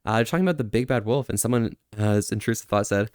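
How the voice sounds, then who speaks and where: A man streaming and chatting casually, soft-spoken, drawing out slow words of praise. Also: fairly low pitch, expressive, clear, resonant tone, no room sound, studio quality. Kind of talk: casual livestream chat.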